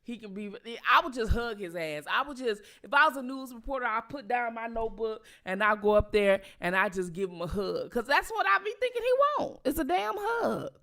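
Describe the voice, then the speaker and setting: A woman's voice: a little high, animated, fairly quick, few pauses, bright, forceful tone. A woman hosting her own channel, giving casual political commentary in a profane, repetitive, emphatic way. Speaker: channel host.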